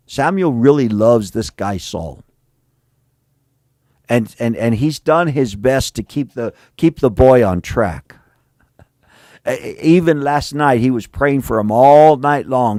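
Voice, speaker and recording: A male pastor preaches in a casual, slang-sprinkled way, moving between emphatic lines and hushed ones. His voice carries a gravelly, fried edge. The sound is close and dry. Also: mid-range voice, no room sound. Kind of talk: sermon.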